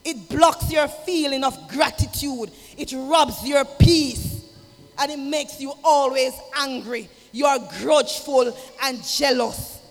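A man preaching an impassioned sermon, swinging from shouted exhortation to low, intimate asides. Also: takes it slowly. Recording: long hall reverb with music behind.

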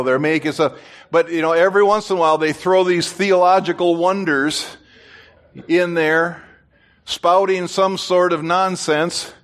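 Male pastor, high-pitched, animated sermon, joking with the congregation. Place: church.

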